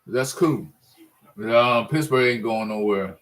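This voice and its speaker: A man's voice: mid-range voice, takes it slowly, fairly bright tone, low-quality recording. A man ranting in a casual monologue, frustrated and rambling, often restarting his sentences. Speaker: sports fan vlogger.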